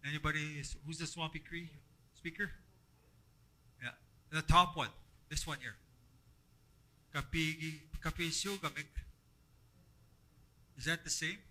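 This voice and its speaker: A man teaching a language workshop to a group, halting and repeating himself as he explains and asks the room questions. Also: fairly high pitch, sharp tone, low-quality recording. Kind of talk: classroom teaching. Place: classroom.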